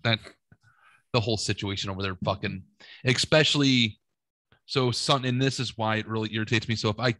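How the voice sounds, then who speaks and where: A young adult man co-hosting a podcast, telling a long story in a rambling, profane way and acting out the dialogue with lively voices. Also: fairly low pitch, fairly quick, pauses often, dry recording. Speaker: podcast co-host.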